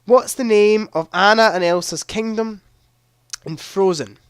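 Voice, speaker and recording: A young man with a fairly high voice chats his way through a live-streamed quiz, reading out questions and laughing easily. He talks into a headset mic, and the sound is close and dry, with no room around it. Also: unhurried, clean tone, no echo. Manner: chatty, reads quiz questions aloud, often laughing. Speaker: livestream quiz host. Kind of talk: casual live-stream chat.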